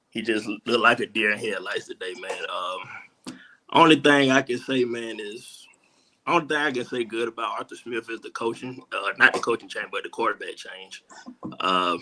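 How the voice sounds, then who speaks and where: A man's voice: on the low side, sharp tone, slight background noise, rough recording. A man giving casual, frustrated football analysis in a plain-spoken way. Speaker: co-host analyst. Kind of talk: casual sports talk.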